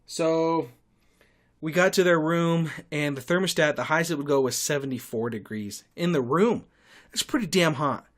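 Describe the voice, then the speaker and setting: A man's voice: fairly high pitch, normal speed. A young man hosting a podcast, telling stories in a crude, sarcastic rant. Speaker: podcast host. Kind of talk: solo podcast monologue.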